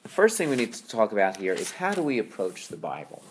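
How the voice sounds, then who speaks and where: A man's voice: fairly low pitch, huge pitch swings, quick pace, a little hiss or hum. A man explaining how to read scripture in an easygoing teaching talk, conversational and full of tag questions and fillers. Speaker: Bible teacher.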